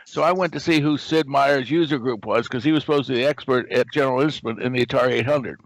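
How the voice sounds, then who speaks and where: An older American man, a game company founder appearing as a guest, tells an anecdote at a fast clip in a mid-range voice, animatedly acting out the dialogue he quotes. The recording is dry and the audio poor.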